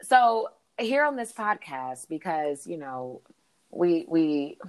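A woman hosting a podcast in casual chat, energetic, laughing often and repeating herself. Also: deep voice, takes it slowly. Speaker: podcast host.

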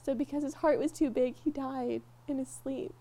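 Young woman, podcast co-host, casual chat, animated, laughs easily, fairly high voice. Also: moderate pace, gravelly. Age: young adult. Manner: animated, laughs easily, gets teary and emotional.

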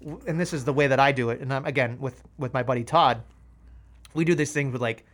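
A man in casual podcast chat about wrestling, animated and acting out quoted voices. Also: medium pitch, quick pace.

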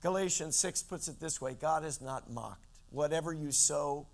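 Man, high-pitched voice, preaching a sermon, from Central California, dramatic rises and drops, asks listeners questions. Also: gravelly. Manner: dramatic shifts in pitch and loudness, slows for emphasis; addresses listeners directly with questions. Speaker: pastor.

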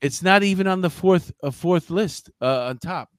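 Rambling, excitable man in his fifties. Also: sits high, moderate pace, no room sound, studio quality. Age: 50s. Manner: animated storyteller, rambling and excitable. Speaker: podcast co-host. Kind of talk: casual banter. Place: Los Angeles.

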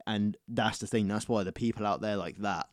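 A man's voice: on the low side, steady tone, brisk, dry recording, clean studio sound. A young man co-hosting a casual podcast chat, talking bluntly and swearing freely, with emphatic repetition. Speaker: podcast co-host.

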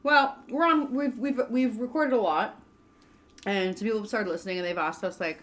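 A woman's voice: mid-range voice, normal speed, a bit bright. A woman co-hosting a casual chat podcast with friends, dry and teasing in her remarks. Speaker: podcast co-host.

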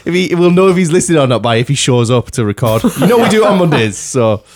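A man's voice: fairly high pitch, very animated, fast. A man hosting a casual podcast, reading out listener messages and laughing often. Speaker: podcast host.

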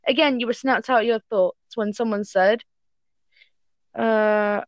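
A woman's voice: on the high side, fairly even intonation, dry recording. A woman reading a fan story aloud to friends, stumbling and correcting herself as she goes. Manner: halting, stumbles and corrects herself mid-read. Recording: dull lo-fi dry sound.

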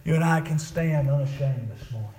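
A male preacher, delivering a rhythmic sermon that swings between soft passages and shouting. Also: fairly high pitch, a little fast, echoey room, distant mic, slight background noise, rough recording. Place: church.

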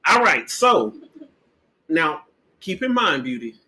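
A man hosting a casual chat show, joking and teasing his guest in loud, slangy talk. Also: a little high, big pitch swings, takes it slowly. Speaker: podcast host. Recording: roomy echo, faint noise.

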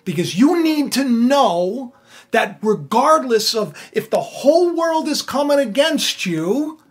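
A woman preaching, telling a Bible story in a lively, conversational way and acting out the characters. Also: on the high side, slow pace, breathy edge. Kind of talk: animated sermon storytelling.

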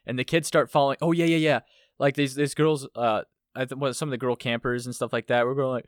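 A man's voice: mid-range voice, brisk, no room sound, clean studio sound. Young man telling stories animatedly. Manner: animated storytelling, acts out quoted voices. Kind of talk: casual chat.

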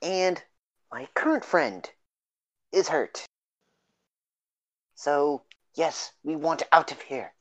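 A woman's voice: low voice, lively intonation, drawn-out words, long pauses, low-quality recording. A woman playing a tabletop game, talking in character in a sarcastic, exasperated way. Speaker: player.

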